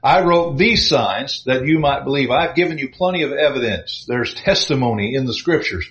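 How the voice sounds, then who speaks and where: A man preaching a sermon, reading scripture slowly and with emphasis between plain, earnest explanation. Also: medium pitch, animated, a bit bright. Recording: echoey dull room sound.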